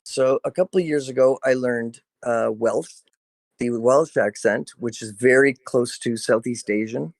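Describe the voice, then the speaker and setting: Male guest, voice actor, mid pitch, dry close sound, earnest and insistent, video call chat. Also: unhurried, no room sound. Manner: earnest, emphatic, repeats himself.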